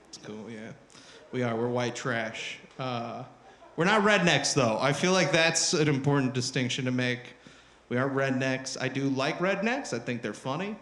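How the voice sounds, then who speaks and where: A man performing stand-up comedy on stage, talking in a profane, animated way and shouting at the crowd. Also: fairly high pitch, moderate pace, noisy background. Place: live comedy venue on stage. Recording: roomy live club recording.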